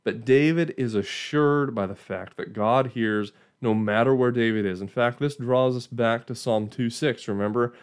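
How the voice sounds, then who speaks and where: A man's voice: mid-range voice, normal speed, few pauses, clear, resonant tone. A man giving an informal Bible teaching in a conversational way, often checking in with "right?" and restarting phrases.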